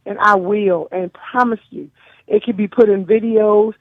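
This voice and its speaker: An older woman, a gospel singer guest on a radio interview, talking in a lively, emotional, folksy way and laughing often. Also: medium pitch, a little slow, no echo, phone-quality sound.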